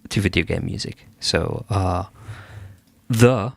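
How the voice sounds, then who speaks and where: Male stream host, lower register, slow and deliberate delivery, dry mic; casual feedback on tracks. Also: creaky, dry recording. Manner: unhurried, thinking aloud while listening. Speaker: music producer giving track feedback.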